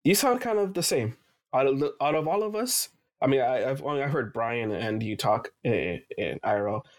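A man's voice: mid-range voice, expressive, normal speed, no echo, clean studio sound. A man hosting a casual gaming podcast, joking and rambling with restarts. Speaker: podcast host and editor. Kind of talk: casual chat.

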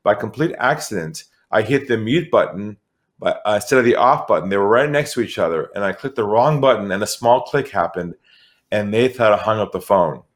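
A middle-aged man from California, a guest on an interview podcast, telling a sales story in a lively, animated way. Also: on the low side, a little fast. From San Diego, California. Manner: animated storyteller who acts out quoted voices. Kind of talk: conversational storytelling.

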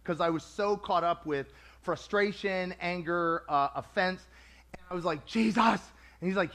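A man preaching a sermon to a congregation in a lively, conversational way, acting out quoted voices. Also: high voice, fairly quick.

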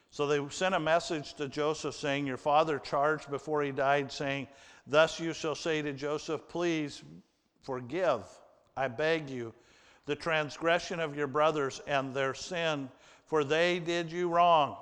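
Slow, emphatic preacher in a reverberant hall. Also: male voice, fairly high pitch, a bit bright, clear, resonant tone. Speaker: pastor. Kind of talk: sermon with scripture reading.

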